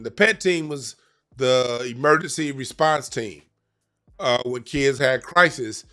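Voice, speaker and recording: A man telling a story in a casual, profane, animated way about crisis work. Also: medium pitch, slow pace.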